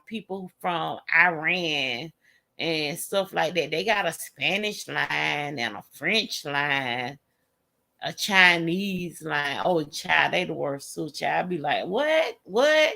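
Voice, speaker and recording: A woman's voice: fairly low pitch, vocal fry. A woman hosting a casual live stream, talking bluntly with plenty of cursing and laughter. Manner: blunt, profane and animated, with laughter and drawn-out asides.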